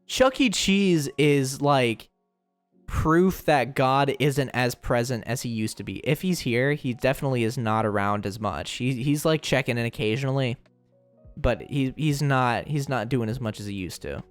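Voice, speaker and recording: A man's voice: mid-range voice, moderate pace, dry recording, faint music behind. Rambling young man streaming. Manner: rambling, joking, stumbles and repeats words. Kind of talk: casual chat.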